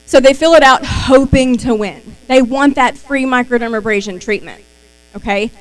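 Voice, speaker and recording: A young adult woman giving a lively sales training talk on a live stream, acting out her customer conversations. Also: fairly high pitch, moderate pace, low-quality recording. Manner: lively, acts out customer dialogues. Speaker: beauty sales consultant.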